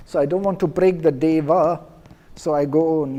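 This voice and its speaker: Man teaching Vedic chant slowly. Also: sits high, warm tone, breathy edge, low-quality recording. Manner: explanatory, leads chant slowly for students to repeat. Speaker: Veda teacher. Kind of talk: lecture with call-and-response chanting.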